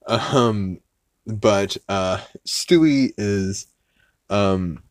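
A man's voice: lowish voice, drawn-out words, no echo. A man hosting a podcast, casually recapping an episode in a rambling, profane way with many fillers and restarts. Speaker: podcast host.

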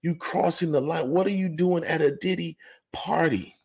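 A man giving rambling, animated commentary to camera, full of "you know" asides. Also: a little high, normal speed, gravelly, husky. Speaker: commentary vlogger. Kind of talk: casual ranting commentary.

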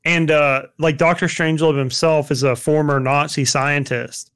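A man's voice: on the high side, fairly even intonation, moderate pace, fairly bright tone, clean tone. A young man chatting casually about films, rambling with lots of fillers and restarts.

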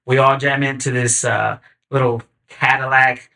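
A man guesting on a podcast, telling stories in a relaxed, slangy way. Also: medium pitch, measured pace, vocal fry. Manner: laid-back, slangy, acts out quotes in animated bursts. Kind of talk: casual chat, storytelling.

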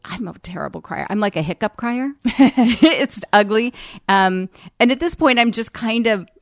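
A woman's voice: fairly high pitch, expressive, moderate pace, dry recording, studio quality. A woman in her forties, a radio personality, telling a story candidly in a podcast interview, chatty and peppered with ums.

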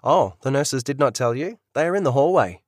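A calm, informative hospital doctor, read by the male narrator in an everyday voice. The recording is dry and close. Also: medium pitch, a little fast, dry recording, lightly acted.

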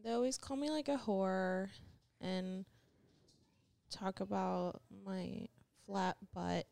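A woman's voice: medium pitch, steady tone, takes it slowly, vocal fry, darkish tone, smooth, no echo. A woman comedian chatting casually on a podcast, telling anecdotes and laughing between lines. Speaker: stand-up comedian.

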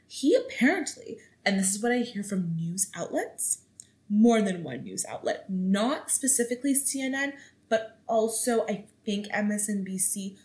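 Young female podcast host, chatty and theatrical, swings her pitch way up for emphasis. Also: rough recording. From Canada. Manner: animated, dramatic storytelling with sudden pitch jumps. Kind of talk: casual solo podcast commentary.

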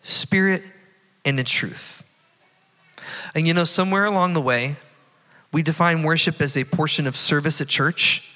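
A man preaching a sermon, retelling a Bible story in an animated way and acting out the dialogue. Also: on the high side, moderate pace, pauses often. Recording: long reverb of a church hall.

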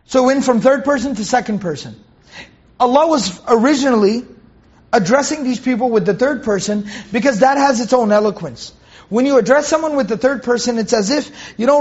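A man's voice: very high voice, a little fast, highs cut off. A man teaching a Quran commentary lecture to students in a conversational way, repeating phrases, asking rhetorical questions and reciting Arabic verses.

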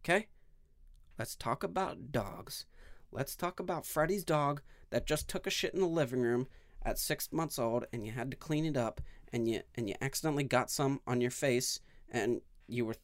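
Young male podcast host, rambling and foul-mouthed, average pitch, dry sound. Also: moderate pace, no room sound. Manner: rambling and profane, swinging between mumbles and loud outbursts. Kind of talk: casual solo podcast rant.

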